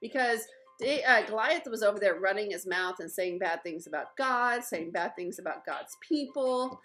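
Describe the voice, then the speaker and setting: A young woman teaching children in a lively, chatty way, retelling a Bible story and acting out the characters' lines. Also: mid-range voice, normal speed, soft background music, low-quality recording. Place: at home.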